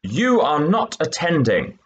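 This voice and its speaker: A man's voice: fairly high pitch, wildly swooping pitch, slow pace, pitched above the performer's own voice, full character voice. A man reading aloud and voicing a small, pompous male mouse in a storybook, formal and stern. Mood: severe.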